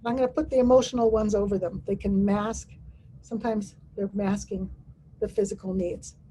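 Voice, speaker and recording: A woman's voice: mid-range voice, steady tone, moderate pace, dark tone, a little hiss or hum, poor audio. A woman presenting a dementia care training webinar over a video call, often speaking in first person as someone living with dementia, with frequent restarts.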